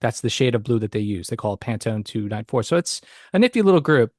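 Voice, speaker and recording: A man's voice: mid-range voice, sing-song, fast talker, no echo, studio quality. A man hosting a baseball podcast in casual chat, playful and mock-indignant with his co-hosts. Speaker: podcast host.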